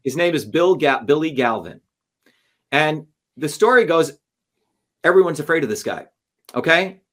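A man telling a long story in an interview, animated and acting out the voices of others as he goes. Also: fairly high pitch, moderate pace. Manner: animated, acts out courtroom dialogue. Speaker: guest.

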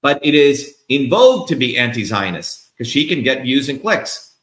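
A man's voice: mid-range voice, big pitch swings, normal speed, fairly bright tone, roomy sound. A man being interviewed as a political candidate, ranting in a combative, profane, emphatic way. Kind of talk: heated interview rant.

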